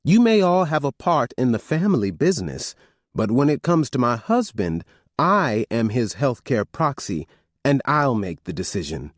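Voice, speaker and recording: A man reading an audiobook, voicing an older mother who calmly and firmly lays down the law to her grown children. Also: medium pitch, moderate pace, dry recording, studio quality, pitched above the performer's own voice. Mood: firm, commanding. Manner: firm, commanding, calm. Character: stern family matriarch, older woman.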